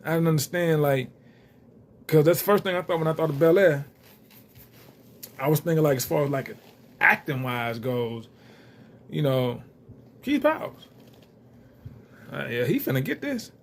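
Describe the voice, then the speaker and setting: A man's voice: on the high side, lively intonation, normal speed, pauses often, a little hiss or hum. A young man giving rambling, casual commentary with loose slang and lots of fillers. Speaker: reality TV commentator.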